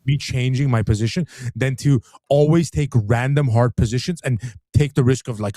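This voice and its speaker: A man's voice: mid-range voice, normal speed, few pauses, darkish tone, no echo. A man co-hosting a live commentary stream, rambling in casual talk and restarting his sentences over and over. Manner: rambling, many restarts and filler "like". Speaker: co-host.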